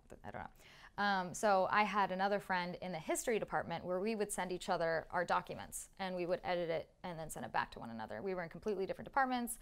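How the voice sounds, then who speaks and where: A young woman guest in a casual interview, chatty and animated, laughing often as she tells stories. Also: on the low side, smooth.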